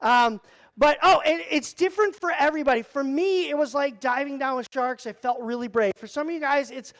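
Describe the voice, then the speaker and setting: A man leading a church youth group talk, telling a personal story in an animated, joking way, full of "like" and "um". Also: extremely high pitch, a little fast. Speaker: youth pastor.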